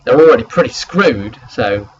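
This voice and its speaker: A man's voice: mid-range voice, animated, normal speed, dull audio, a little hiss or hum. A man recapping a tabletop game session as its game master, rambling along with plenty of hesitant fillers.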